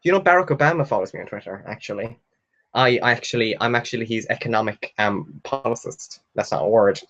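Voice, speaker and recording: A young man hosting a casual live book chat from home, chatty and excitable, swearing freely and squealing with delight. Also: on the low side, fast, dull audio. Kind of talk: casual livestream chat, reading out viewer questions. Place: at home, sitting in a chair.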